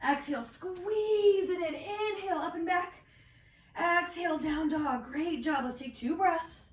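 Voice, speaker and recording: High-voiced woman leading a yoga class. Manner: encouraging cues, slightly out of breath while practicing. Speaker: yoga teacher. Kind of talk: guided yoga class instruction. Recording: roomy echo, voice from a distance.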